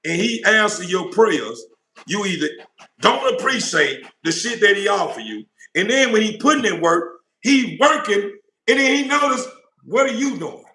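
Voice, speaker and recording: Sharp in tone and sitting high, this man's voice carries a blunt, impassioned, profanity-laced sermon about God in which he plays both God and the doubters. He comes across as an informal preacher, and the room echoes noticeably.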